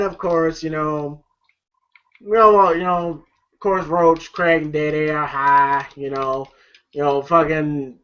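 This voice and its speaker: A man's voice: a little high, a bit bright, smooth. A man casually recapping a movie in a vlog review, rambling and profane and full of fillers. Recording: dull lo-fi recording.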